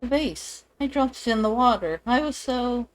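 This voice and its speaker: A woman voicing a timid young maid, speaking in a frightened, halting way. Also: on the high side, lively intonation, voice pushed up, natural voice, rough recording.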